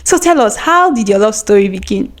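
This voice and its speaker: A woman's voice: medium pitch, animated, fairly quick. A woman with a Nigerian accent hosting a podcast and asking her guests eager questions. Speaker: podcast host. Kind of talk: interview chat.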